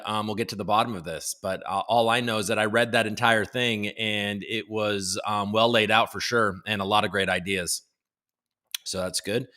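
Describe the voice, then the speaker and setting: Guy hosting a live crypto show, bright punchy voice, jokey and rambly, trips over his own sentences. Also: medium pitch. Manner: rambling, jokey, self-interrupting, swears. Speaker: host of a daily crypto news livestream. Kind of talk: casual live-stream chat. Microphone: desk microphone.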